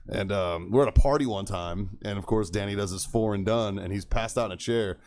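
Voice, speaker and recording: Profane laughing storyteller man, low voice. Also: a little fast, crowd noise. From Texas. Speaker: podcast co-host. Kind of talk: casual storytelling chat.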